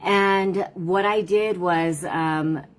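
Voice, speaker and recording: A woman's voice: lowish voice, steady tone, drawn-out words. A middle-aged woman and parent coach, talking casually and reflectively in a livestream. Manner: reflective, conversational, tells stories about her daughters.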